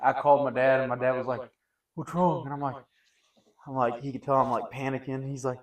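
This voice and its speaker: Talking fast in a middle-pitched drawl, a young man hosting a podcast spins a rambling yarn for his friends. Filler like "like" and "dude" peppers the casual chat, and his energy climbs as the story goes on.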